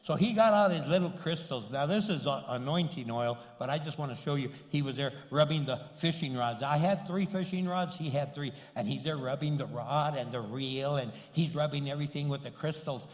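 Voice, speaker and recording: A middle-aged man, a pastor, telling a story in a sermon with lively delivery and Spanish interjections. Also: a little high, brisk, hardly any pauses. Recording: long hall reverb.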